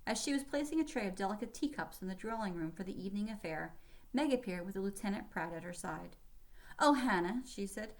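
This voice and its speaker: A woman reading a children's historical novel aloud in steady storytelling narration. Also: mid-range voice, fast talker. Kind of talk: audiobook narration.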